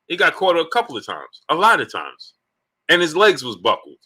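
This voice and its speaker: A man hosts a live-streamed sports talk show with a bright, forceful voice. He hammers his points home through rhetorical repetition, breaking off to greet chat viewers by name. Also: fairly high pitch, moderate pace, husky. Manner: animated, rhetorical, repeats points emphatically.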